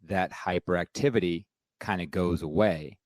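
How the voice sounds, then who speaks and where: A man's voice: low voice, normal speed, no room sound. A middle-aged man speaking candidly and reflectively as a podcast guest, with lots of fillers. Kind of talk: casual interview chat.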